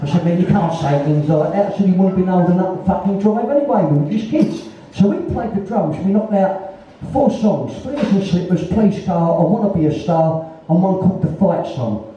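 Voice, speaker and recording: A man's voice: high voice, animated, a little fast, slight background noise. Sweary Cockney man telling stories in an echoey hall. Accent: Cockney, East London. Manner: blunt, sweary, laughing anecdotes. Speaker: interviewee, punk musician. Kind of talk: casual storytelling on stage. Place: live venue, in conversation event. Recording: echoey hall, distant lo-fi mic.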